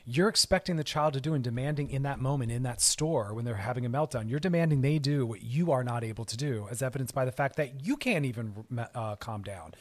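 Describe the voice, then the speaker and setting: A man's voice: medium pitch, a little fast, few pauses. Emphatic man giving a therapy talk. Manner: emphatic, direct, coaching tone. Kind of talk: earnest motivational talk.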